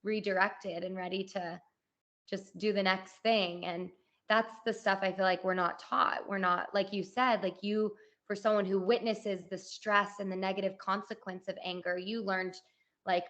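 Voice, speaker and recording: A woman's voice: mid-range voice, fairly even intonation, normal speed, fairly bright tone, dull audio. A woman in her thirties hosting a podcast interview, chatting casually with plenty of "like" and "you know". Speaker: podcast host.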